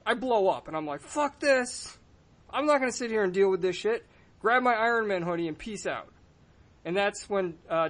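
A man hosting a podcast, telling a story in a casual, profane, animated way. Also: fairly high pitch. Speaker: podcast host.

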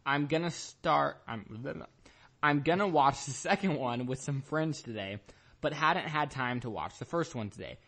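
A man hosting a casual comedy podcast, reading listener questions in a blunt, deadpan way and swearing freely. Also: on the high side, measured pace, creaky.

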